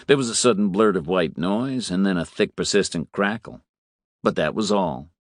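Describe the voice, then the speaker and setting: Low, lively male audiobook narrator. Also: dry recording, clean studio sound. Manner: measured, expressive. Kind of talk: scripted narration.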